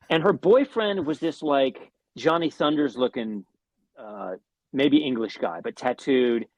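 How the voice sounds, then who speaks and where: A man, a guest musician, telling animated anecdotes in an interview, swearing often and restarting his sentences. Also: medium pitch, takes it slowly, no echo. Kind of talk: storytelling in an interview.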